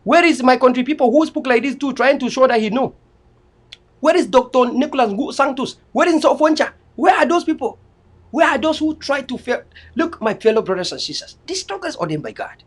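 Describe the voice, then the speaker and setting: A man's voice: very high voice, lively intonation, fairly quick. A man hosting political commentary, mocking and firing off rhetorical questions. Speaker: host.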